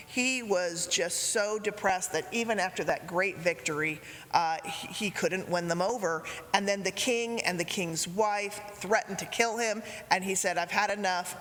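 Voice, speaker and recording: A woman preaching a sermon, retelling a story in a gentle way, with quoted lines spoken softly. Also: fairly low pitch. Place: church sanctuary. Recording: reverberant church hall.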